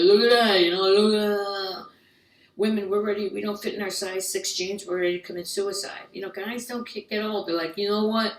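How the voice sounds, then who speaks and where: An American woman doing a stand-up comedy monologue, quick and jokey, slipping into little voiced asides. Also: mid-range voice, reverberant, recorded from a distance, rough recording. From United States.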